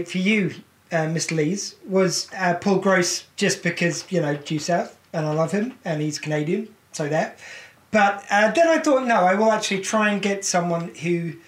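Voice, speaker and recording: A man's voice: high-pitched, a bit bright, roomy sound. A man answering quiz questions in casual chat, rambling and amused at himself. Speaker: quiz contestant.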